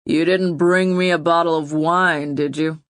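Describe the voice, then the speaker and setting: A woman's voice: deep voice, steady tone, measured pace, fairly bright tone, no room sound, clean studio sound. A woman doing a drawling, bitter prisoner. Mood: sneering. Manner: drawling, grumbling, sneering. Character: bitter, lazy, drunken male prisoner.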